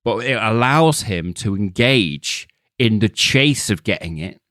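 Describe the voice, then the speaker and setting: A man co-hosts a film podcast and makes his case in a measured, reflective way. His voice sits a little low. The sound is dry and close, with no room sound. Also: animated, fairly bright tone, no echo. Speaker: podcast co-host. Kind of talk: casual podcast chat.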